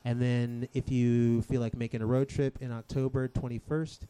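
A man's voice: medium pitch, level tone, moderate pace, mellow, smooth. A man being interviewed as a musician guest, talking casually with a hesitant, rambling manner and frequent laughs.

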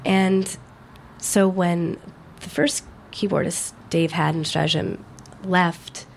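Young female keyboardist, hoarse from losing her voice, gravelly, faint hiss behind. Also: on the low side, fairly even intonation, slow. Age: young adult. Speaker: band keyboardist. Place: radio studio.

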